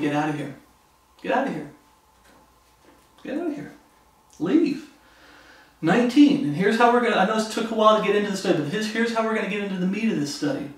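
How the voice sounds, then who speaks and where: A man preaching a sermon, fervent and animated, acting out the voices of the people in his story. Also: sits high. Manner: fervent, acts out quoted voices. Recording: echoey room from far off.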